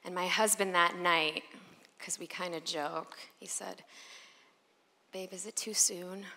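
A woman speaker from Chicago telling a personal story in an animated way to a live audience, acting out the voices of people in it. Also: lowish voice, slow pace, slight background noise. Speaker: motivational speaker. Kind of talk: storytelling keynote talk. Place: large event hall on stage. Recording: long reverb of a large hall.

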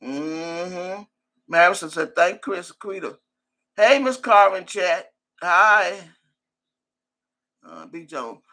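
A woman's voice: lowish voice, lively intonation, takes it slowly, long pauses, pushed and bright. A woman hosting a live stream in a casual, chatty way, laughing often and calling out viewers' names and comments. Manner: laughs a lot, chatty and teasing; calls out viewer names one after another. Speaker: livestream host.

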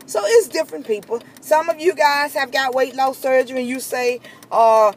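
High-voiced woman ranting over traffic. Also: normal speed, hardly any pauses. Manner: heated, repetitive, emphatic. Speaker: vlogger. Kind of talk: angry personal rant.

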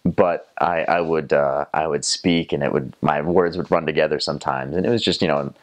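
Young Southern American guy, very deep voice, relaxed and reflective storyteller. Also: moderate pace. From North Carolina, USA. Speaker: returned missionary. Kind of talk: casual storytelling to camera.

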